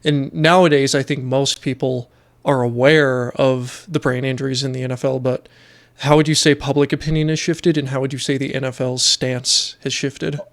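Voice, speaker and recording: A man hosting a podcast, asking measured questions and giving brief acknowledgements. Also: mid-range voice, steady tone. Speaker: podcast host. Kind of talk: interview questions.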